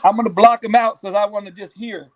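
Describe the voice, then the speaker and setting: A man's voice: high voice, fairly even intonation, fast. A man hosting a casual chat, laughing often and tagging phrases with "man".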